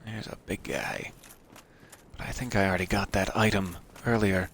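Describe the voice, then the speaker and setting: A man's voice: low voice, steady tone, normal speed, a bit bright, slight background noise. A man giving wry, self-deprecating commentary while playing a video game. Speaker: game streamer. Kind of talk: let's-play commentary.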